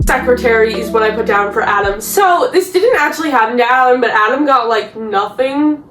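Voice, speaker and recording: A woman recapping a TV episode in a casual, chatty vlog, animated and exasperated, slipping into mocking put-on voices. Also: on the high side, a little fast, over music. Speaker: TV recap vlogger. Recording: echoey room with faint noise.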